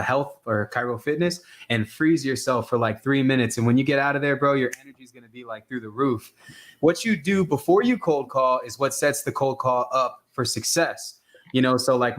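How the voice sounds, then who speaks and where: Joking, swearing young man on a stream. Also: medium pitch. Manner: joking, loose, swears, laughs often. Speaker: real estate cold caller. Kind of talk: casual live-stream banter. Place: office.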